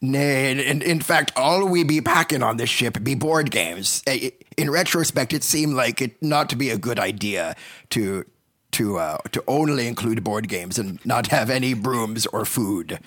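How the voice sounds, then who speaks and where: A man doing a bumbling husky pirate. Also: mid-range voice, a bit bright. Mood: playful. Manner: mock pirate grammar, halting restarts. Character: bumbling cheerful male pirate shipmate. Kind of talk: improv comedy skit.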